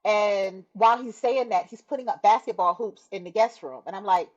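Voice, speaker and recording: A woman's voice: medium pitch, fairly quick, few pauses, muffled recording. A middle-aged woman sharing her personal testimony as a guest, in earnest, conversational storytelling that acts out what people said. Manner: earnest, warm storytelling with laughs and acted-out quotes.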